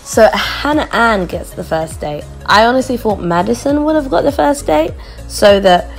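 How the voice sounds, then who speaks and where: A woman casually recapping a TV episode, chatty and quick to laugh, mimicking the people she quotes. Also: fairly high pitch, animated, creaky, faint music behind. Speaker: vlogger reviewing a TV show.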